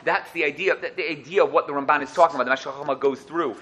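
His voice sits on the high side and he speaks very fast. He's a man teaching Torah to listeners, spinning lively stories, voicing the characters and joking along the way.

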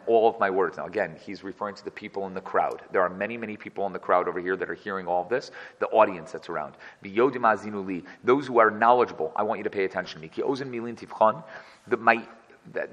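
A man's voice: lowish voice, fairly bright tone, in a large hall, rough recording. A man teaching a text study class as its teacher. He reads verses and then translates and explains each one. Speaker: Torah teacher.

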